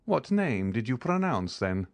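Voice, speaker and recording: A man reading an audiobook, voicing a calm, commanding count with bitter irony. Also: medium pitch, unhurried, no echo. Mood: cold. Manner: calm, icy, ironic. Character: cold, commanding male count, bitterly ironic. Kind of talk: audiobook character voice.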